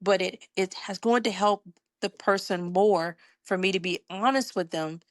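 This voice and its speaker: A middle-aged woman from Georgia, a podcast guest telling a workplace story in a lively conversational way. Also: mid-range voice, normal speed, no echo. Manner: animated, acts out quoted dialogue, laughs while telling.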